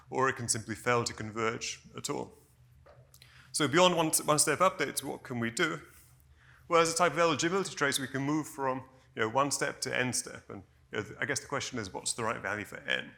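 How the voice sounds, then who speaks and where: Male conference presenter, gravelly and bright, measured and explanatory, corrects himself on the fly. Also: mid-range voice. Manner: measured, explanatory, with frequent "you know" and self-corrections. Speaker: conference speaker.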